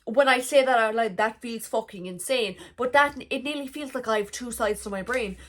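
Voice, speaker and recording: A woman's voice: a little high, normal speed. A young woman vlogging a frank, emotional confessional monologue, swearing freely as she talks.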